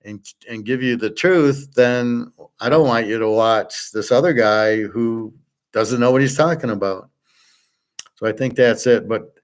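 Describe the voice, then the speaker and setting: A middle-aged man holds forth in a rambling monologue on his own show. His voice sits at an ordinary pitch, and he sounds blunt and sure of himself, stumbling into repeated words as he rants. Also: clear, resonant tone. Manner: blunt, self-assured, repeats words while ranting. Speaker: podcast host.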